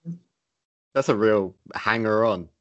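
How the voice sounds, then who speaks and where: A man with a low voice co-hosts a relaxed podcast. He jokes around and laughs easily as he chats. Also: unhurried, dull audio. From United Kingdom. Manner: joking, laughs often. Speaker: podcast co-host. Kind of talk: casual chat.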